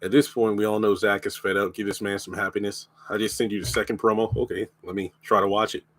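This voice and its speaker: A man's voice: fairly low pitch, level tone, fast talker, fairly bright tone. A man with a lingering cough, bluntly reviewing a TV show in a casual live stream. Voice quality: blunt, opinionated.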